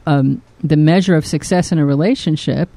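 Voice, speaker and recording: A woman's voice: low-pitched, fairly quick, gravelly, dark tone, no room sound. A woman co-hosting a casual podcast, steadily explaining a listener's question. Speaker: podcast co-host.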